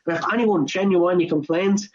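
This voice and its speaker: A young Irish man on a casual podcast, telling a work story in an animated way and acting out both sides in quoted voices. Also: high-pitched, brisk, muffled recording. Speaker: podcast co-host. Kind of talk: casual chat.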